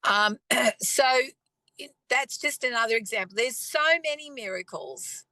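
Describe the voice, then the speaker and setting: Earnest woman with a bright, dry voice. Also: on the high side, expressive, no room sound, low-quality recording. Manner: earnest and conversational, with pauses and throat clearing. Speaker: faith speaker. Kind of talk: personal testimony talk.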